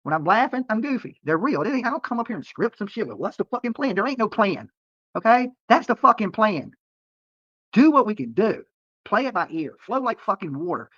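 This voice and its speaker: Man streamer, higher voice, bright and forceful, profane late-night rant, dry close sound. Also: big pitch swings, a little fast, no room sound. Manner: profane, heated, repetitive. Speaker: live-streaming YouTuber. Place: hotel room. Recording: dull lo-fi stream audio.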